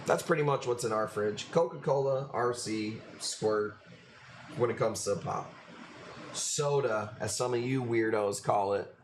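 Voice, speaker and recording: Hosting a coral-selling livestream, a Chicago-accented man chats casually, rambling and swearing a lot. He talks at normal speed in a lowish voice, with slight background noise.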